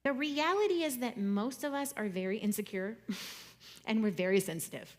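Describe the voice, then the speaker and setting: A young adult woman speaking to an audience in a conversational, jokey way, swinging between loud and soft. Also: a little high, lively intonation, moderate pace. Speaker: speaker giving a talk.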